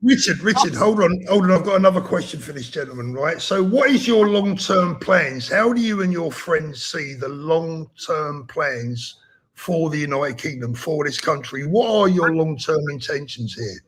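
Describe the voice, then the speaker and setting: A British man hosting a live call-in show, cutting in often to keep control of the talk. His voice is bright and forceful, with a husky edge. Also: fairly high pitch, moderate pace. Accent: British English. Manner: energetic, interrupting to steer the talk. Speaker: host.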